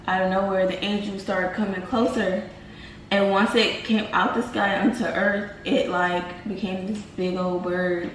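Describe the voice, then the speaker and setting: A young woman vlogger casually telling viewers about a dream, animated and slangy, talking to them as y'all. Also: lowish voice, a little hiss or hum. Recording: roomy, from a distance, faint ambience.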